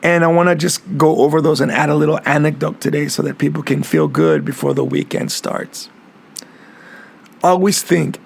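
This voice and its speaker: A middle-aged man hosts his own podcast in a solo, reflective monologue. His voice is strongly gravelly with constant vocal fry, sitting a little high for a man. He talks earnestly, often repeating words as he gathers his thoughts. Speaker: capoeira master and podcast host.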